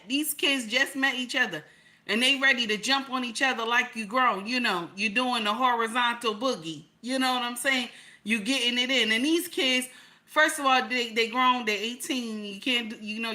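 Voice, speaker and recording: A middle-aged woman talking casually to her viewers, emphatic and repetitive, building to loud peaks. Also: fairly high pitch. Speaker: channel host.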